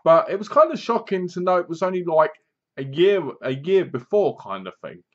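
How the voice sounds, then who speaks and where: A man's voice: sits high, big pitch swings, moderate pace, highs cut off. A man giving a casual, rambling spoken review of a horror film, often restarting his sentences. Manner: rambling, loose, many restarts. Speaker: movie reviewer.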